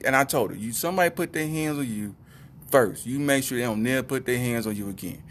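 A man's voice: medium pitch, big pitch swings, brisk, slightly rough. A man telling a family story in a casual, slangy monologue, laughing at his own tale.

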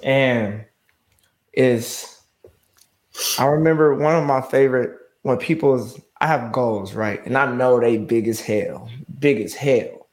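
A man's voice: mid-range voice, takes it slowly, darkish tone. A man hosting a podcast, talking loosely and slangily, peppering his speech with "bro" and "you know what I'm saying". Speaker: podcast host leading the topic. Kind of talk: casual podcast talk.

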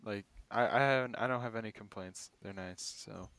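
A man's voice: lowish voice, normal speed, background noise. A young man telling a funny work story in a casual podcast chat, laughing and acting out other people's lines. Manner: animated storyteller who acts out quotes, laughs a lot. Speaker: podcast co-host.

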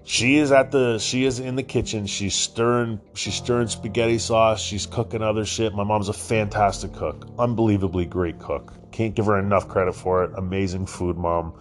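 A man's voice: on the low side, fairly even intonation, moderate pace, hardly any pauses, soft background music. A male podcast host telling a personal story casually, rambling and swearing, with lots of fillers and restarts.

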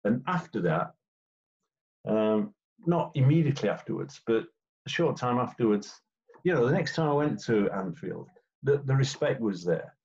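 Here the former football referee, an older Englishman, spins chatty interview stories and performs the players' lines. He speaks at medium pitch with big swings, a moderate pace, some vocal fry and a slightly mellow quality, all on dull lo-fi audio.

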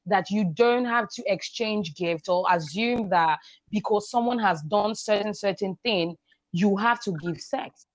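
Woman, mid pitch, explanatory, emphatic, podcast guest, dry close sound. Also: a little slow, no echo. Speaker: guest, sexual and reproductive health educator. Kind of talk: podcast conversation.

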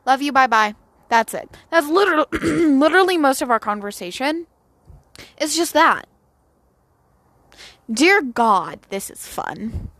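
A woman's voice: sits high, sing-song, unhurried, pauses often, a bit bright, dry recording. A girl in her late teens ranting casually outdoors into her phone, blunt, profane and self-mocking. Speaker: vlogger. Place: outdoors near home at sunset.

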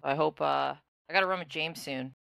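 A woman's voice: deep voice, fairly quick, vocal fry, a bit bright. A young woman co-hosting a podcast, rambling casually and full of "like". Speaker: podcast co-host and streamer. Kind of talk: casual chat.

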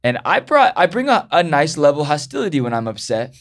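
A man telling a story in casual podcast chat, animated and full of "like", often laughing as he talks. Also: fairly high pitch, a little fast. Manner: animated, heavy use of "like", laughs while telling.

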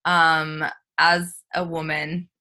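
A woman hosting a casual chat, slow and sympathetic, with gentle "um" fillers. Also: sits low, flat delivery.

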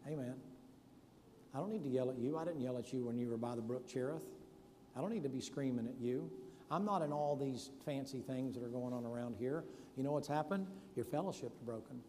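A preacher with a mellow, dark voice, telling Bible stories in a folksy, conversational way. His sermon rings with the long reverb of a big hall, with faint room ambience underneath. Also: medium pitch, a little fast, a little hiss or hum. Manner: folksy storytelling preacher, acts out Bible scenes in casual voices. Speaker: pastor.

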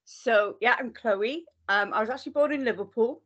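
A woman's voice: on the high side, moderate pace, fairly bright tone, dull audio. A woman with a Welsh accent, chatting casually as an author guest on a podcast in a self-deprecating way. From Wales. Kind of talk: casual interview chat.

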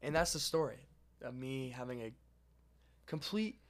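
A young man casually telling a long story to a friend, animated and swearing as he goes. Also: mid-range voice, moderate pace. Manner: animated, swearing, lively retelling.

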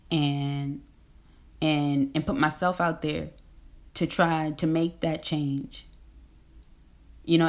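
A woman's voice: low voice, a little mellow. A woman talking in a casual, rambling monologue. She is emphatic and slangy, laughs often, and repeats herself.

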